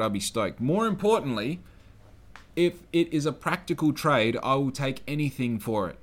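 A young Australian man hosting a solo podcast, telling a long story in a loose, swearing, animated way and acting out the people he quotes. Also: medium pitch, moderate pace. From Western Australia. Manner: swears freely, acts out quoted people, gets loud when excited. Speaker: podcast host.

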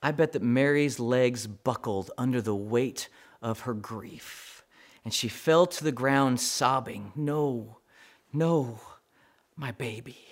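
A man preaching a sermon with dramatic swings between loud emphasis and near-whispers, acting out quoted prayers. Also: medium pitch, takes it slowly. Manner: acts out quoted voices in prayers. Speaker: pastor.

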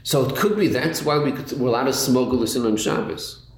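A man's voice: mid-range voice, fairly quick. A man teaching a Chassidus class, asking rhetorical questions and repeating words as he thinks it through. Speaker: Torah teacher. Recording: echoey room with faint noise.

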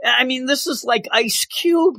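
A man co-hosting a podcast and telling a casual, joking recap of a cartoon episode like an animated storyteller. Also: extremely high pitch, unhurried, creaky, no room sound. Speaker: podcast co-host.

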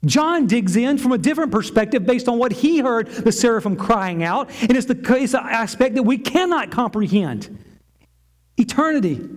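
A man preaching a sermon to his church, impassioned and given to repeating phrases in a chanting rhythm. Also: very high voice. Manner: impassioned, repetitive chanting cadence. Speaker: pastor.

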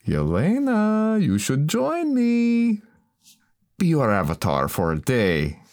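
A man's voice: fairly high pitch, huge pitch swings, slow pace, darkish tone, full character voice. Dude doing a pushy guy with choppy broken english, voice swings all over the place. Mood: insistent. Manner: broken English, drops articles. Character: brash man playing a swaggering Texan persona. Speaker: comedy sketch character. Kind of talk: comedic sketch acting.

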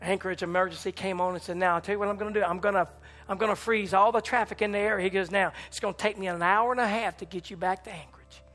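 A man preaching an impassioned sermon, swinging from shouts to hushed tones. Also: fairly even intonation, fast talker. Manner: impassioned, rising to shouts and dropping low. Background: church organ chords.

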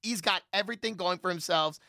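A man's voice: high-pitched, fast, pushed and bright, dry recording, clean studio sound. A man on a sports panel, arguing his point emphatically and repeating himself for effect. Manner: emphatic, repetitive, argumentative. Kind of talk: heated sports debate.

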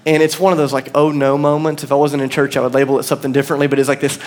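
A man's voice: medium pitch, level tone, very fast. A man in his thirties with an American accent, preaching a sermon as pastor and telling a story with self-deprecating humor.

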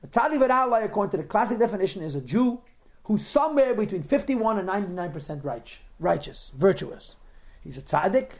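A man's voice: high-pitched, sing-song, fairly quick. Man lecturing with emphatic rhetorical questions. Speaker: Torah teacher. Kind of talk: classroom lecture on a religious text. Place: class with students.

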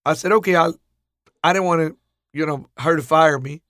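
A man telling a personal story in a casual interview, animated, acting out the people he quotes. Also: fairly high pitch, a little fast, no echo, clean studio sound.

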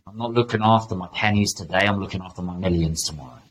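A man's voice: sits low, fast talker, fairly bright tone. A man talking as a podcast guest, emphatic and fired up, swearing freely. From United Kingdom. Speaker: podcast guest, property investor. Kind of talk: casual podcast chat.

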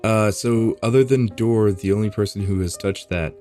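A man running a tabletop role-playing game as game master, relaxed and full of fillers. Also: lowish voice, normal speed, soft background music.

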